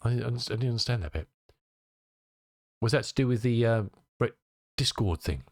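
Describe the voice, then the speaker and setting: A man's voice: mid-range voice, animated, normal speed, darkish tone, no echo, studio quality. A male streamer chatting casually with his viewers, muttering to himself as he tinkers and answering chat messages.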